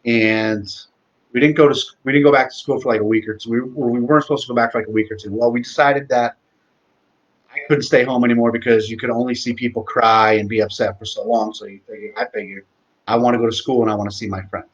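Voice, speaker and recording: A man's voice: medium pitch, steady tone, fast talker, muffled recording. A man in his forties hosting a live stream, rambling through a heartfelt tribute and swearing freely. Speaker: host. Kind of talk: casual live-stream talk.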